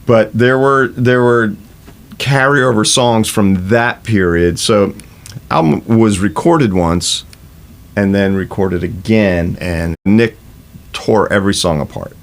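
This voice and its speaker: A rock musician in his fifties, speaking in a lowish voice at a slow pace, shares stories from the studio during a relaxed interview. He curses freely and acts out the back-and-forth of what people said.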